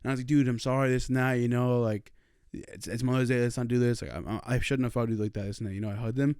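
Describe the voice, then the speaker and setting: A young man co-hosting a casual podcast, telling a rowdy story with lots of swearing and laughter. His voice is smooth and resonant, sitting in the middle for pitch. The sound is dry and close. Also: steady tone, fast talker, darkish tone, no room sound. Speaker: podcast co-host. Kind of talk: casual chat.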